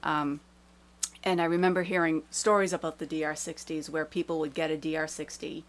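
Low-voiced woman paranormal researcher. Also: flat delivery, fairly quick. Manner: friendly, explanatory, with small hesitations. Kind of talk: casual interview chat.

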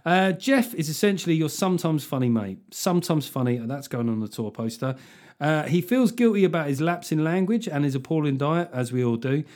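A man's voice: a little high, animated, a little fast, darkish tone. A middle-aged man hosting a podcast. He rants in a casual comic monologue, swears a lot and plays up mock outrage. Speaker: podcast host.

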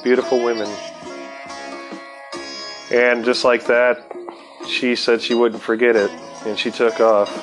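A man's voice: medium pitch, little pitch movement, measured pace, long pauses. Laid-back, profane man with faint sitar music. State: high. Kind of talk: casual storytelling.

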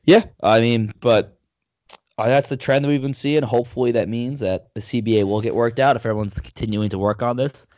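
A man co-hosting a casual sports podcast, speaking in a dry, measured, sarcastic way. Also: mid-range voice, a little mellow, no room sound. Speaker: podcast co-host.

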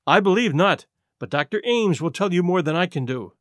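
A man's voice: sits high, expressive, fairly quick, dry recording, clean studio sound. A man playing a grave gray-bearded archaeologist. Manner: grave, formal.

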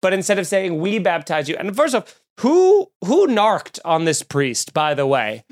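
Animated, sarcastic man riffing. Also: high voice, measured pace. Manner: animated, sarcastic, profane riffing with mock voices. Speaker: podcast co-host. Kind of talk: casual comedic chat.

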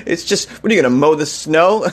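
A male comedy news host riffs on odd headlines in a mocking, incredulous way. He laughs often between lines, and his voice sits a little higher than most men's. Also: expressive, fairly quick.

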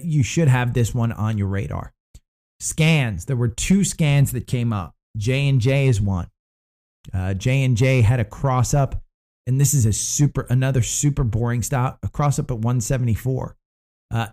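A man's voice: medium pitch, warm tone. A man from the United States hosting a casual stock market show, rambling through his picks with lots of fillers and restarts.

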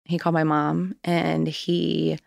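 A woman's voice: deep voice, flat delivery, slow, vocal fry, darkish tone, no echo, studio quality. A woman in her thirties, a guest candidly recounting a personal story in casual, rambling conversation.

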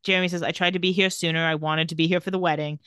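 A woman co-hosting a casual recap podcast, retelling scenes and reading lines of dialogue in a flat, even voice. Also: on the low side, very fast, clear, resonant tone, dry recording, clean studio sound. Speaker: podcast co-host.

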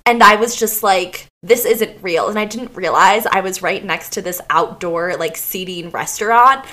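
A woman's voice: medium pitch, moderate pace, bright, forceful tone. A woman co-hosting a podcast, chatting casually and telling stories animatedly, with lots of fillers and laughs. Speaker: podcast co-host. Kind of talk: casual chat.

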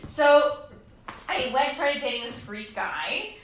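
A woman's voice: high voice, animated, slow, slight background noise. A woman performing a chatty, self-deprecating stand-up set on a club stage, acting out quotes with laughs. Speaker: stand-up comedian. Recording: echoey club room.

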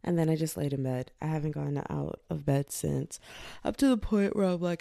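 A young woman in her twenties rambles to her podcast listeners from bed, sounding tired. Her voice sits low with a gravelly fry and a mellow, dark tone, and the sound is dry and close. She talks loosely and swears freely. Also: normal speed, dry recording. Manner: loose, profane, acts out voices in quotes. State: fatigued. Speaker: podcast host. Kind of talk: casual chatty podcast monologue. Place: lying in bed indoors.

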